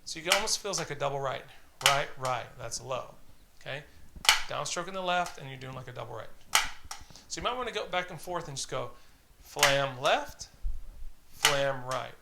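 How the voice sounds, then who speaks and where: Man teaching drum rudiments, gravelly voice. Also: medium pitch, lively intonation, moderate pace, pauses often, very noisy. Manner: patient, encouraging, counts aloud and calls out stickings. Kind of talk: instructional tutorial, counting off exercises.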